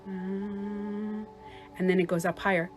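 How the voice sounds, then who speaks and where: A woman's voice: medium pitch, moderate pace, soft background music. A woman life coach in a casual livestream talk, chatty and swearing at times, acting out other people's voices.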